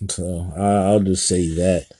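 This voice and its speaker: Low, husky, mellow-voiced man. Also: flat delivery, dry recording. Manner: measured, hesitant, dry. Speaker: podcast co-host. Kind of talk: casual chat.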